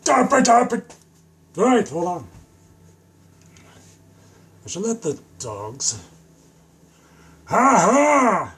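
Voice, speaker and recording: A young man goofing around alone on a live stream, rambling slowly and breaking into sudden shouts. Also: high voice, huge pitch swings, creaky. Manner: silly, rambling, slow and drawn out with sudden shouts. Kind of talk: goofy solo live stream.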